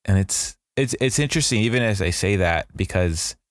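A man in a casual faith discussion, thinking aloud slowly with restarts. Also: fairly low pitch, expressive, no echo, studio quality. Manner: slow, thoughtful, restarts as he reasons aloud.

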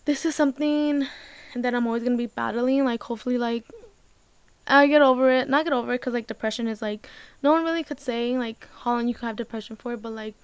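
A young woman vlogger speaks to her viewers in casual, personal talk to camera, her voice on the high side and smooth, recorded dry. She's close to tears, rambling emotionally, leaning heavily on "like," and swearing casually.

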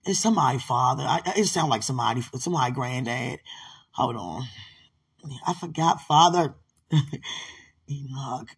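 A woman's voice: very deep voice, lively intonation, measured pace, pauses often, slightly rough. A woman leading an emotional live prayer session, often tearful, sighing and laughing as she prays and calls her listener sweetheart. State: crying.

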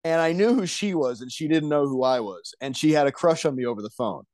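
Podcast guest, young man; halting, self-conscious, dry close recording. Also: a little high, animated, no room sound. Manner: hesitant, many restarts and soft laughs. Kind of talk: casual chat.

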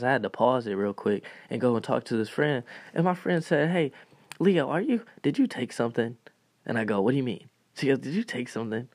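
A young man hosting a podcast, talking in a casual motivational monologue, animated and laughing often as he acts out what others said. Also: medium pitch, no room sound. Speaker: podcast host.

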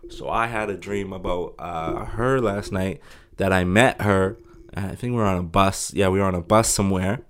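A man's voice: low-pitched, moderate pace, fairly bright tone. A young man hosting a solo podcast, chatting casually in a rambling, jokey way with many fillers and restarts. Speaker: podcast host.

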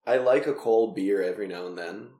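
Young male bartender, easygoing joker, lowish voice, roomy recording. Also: brisk. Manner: relaxed, jokey storyteller, swears. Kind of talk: casual chat.

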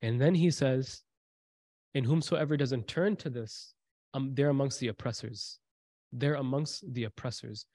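A man's voice: medium pitch, unhurried, mellow, dry recording. A man giving a sermon, retelling a story with quoted dialogue and repeated lines for emphasis. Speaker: preacher.

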